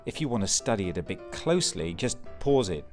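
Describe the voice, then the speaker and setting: Deep-voiced man narrating an explainer. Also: big pitch swings, fairly quick, soft background music.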